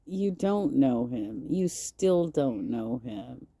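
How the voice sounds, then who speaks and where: A woman hosting a commentary show, speaking in a calm, measured, lecturing way. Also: very deep voice, breathy edge, no room sound. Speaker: commentary host. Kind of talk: commentary over clips.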